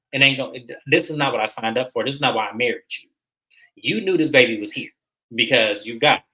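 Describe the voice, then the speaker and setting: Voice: medium pitch, sharp tone, rough recording. A host recapping a reality show episode in casual, opinionated commentary, repeating points for emphasis.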